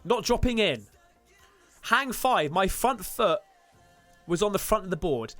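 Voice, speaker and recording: A man streamer telling a story to his viewers in an excitable way, swearing freely and talking straight to the audience. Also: sits high, unhurried, no room sound, faint music behind. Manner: excitable, swears a lot, addresses viewers directly. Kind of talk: animated storytelling to a live stream.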